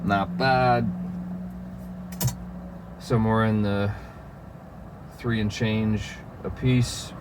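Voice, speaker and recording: A low-pitched man talks to his viewers in a slow, unhurried ramble, full of filler words and the occasional curse. The recording is noisy, with vehicle sounds running underneath. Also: steady tone. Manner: rambling, filler-heavy, swears and laughs. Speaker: vlogger. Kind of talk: casual chat to camera.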